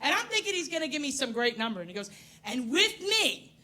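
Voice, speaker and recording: A woman's voice: high-pitched, big pitch swings, rapid-fire, bright, forceful tone. A woman in her forties doing a brash, profane stand-up comedy set on a comedy club stage, teasing the crowd. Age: 40s.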